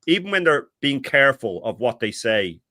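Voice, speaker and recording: A man's voice: medium pitch, very animated, normal speed, sharp tone, no room sound, clean studio sound. Exasperated man ranting on a fan show. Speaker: co-host. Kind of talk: heated fan talk.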